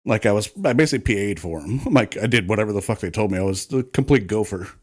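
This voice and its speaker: A man's voice: on the low side, animated, fast. A man who once worked on film crews, chatting casually and telling long, profane stories. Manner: swearing, rambling storyteller. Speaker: former film crew worker. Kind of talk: casual podcast chat.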